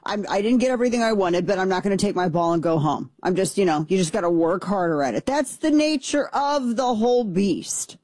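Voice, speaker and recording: A woman's voice: on the low side, fast, few pauses, darkish tone, no room sound. A woman hosting casual political commentary, talking in an opinionated, conversational way with frequent restarts and asides.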